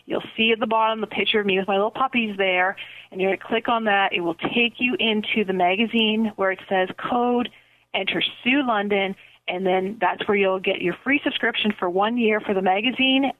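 A woman's voice: medium pitch, moderate pace. A middle-aged woman with a Canadian accent hosting a radio show, talking to listeners in an enthusiastic, gushing way. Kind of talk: upbeat radio chat with promotions. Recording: phone-line quality audio.

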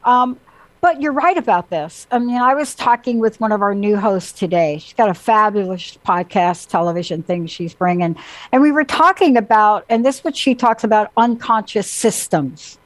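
A woman hosting a talk show, chatting casually and telling animated stories with acted-out quotes. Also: medium pitch, normal speed, no room sound, rough recording. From Italian heritage. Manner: animated storytelling, acting out quotes. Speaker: host. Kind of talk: casual chat.

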